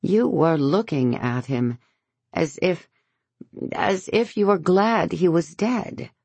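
A woman's voice: on the low side, lively intonation, slow pace, darkish tone, slightly rough, dry recording, voice pushed up, heavily acted. A woman voicing a nervous wife who insists on what she saw, in an audiobook. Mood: uneasy. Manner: hesitant, then firm.

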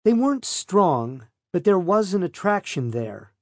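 A man's voice: high voice, very animated, a little slow, dry recording, clean studio sound, pitched above the performer's own voice, full character voice. A man voicing a defensive young woman on the witness stand, giving curt, evasive answers in an audiobook reading. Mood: guarded.

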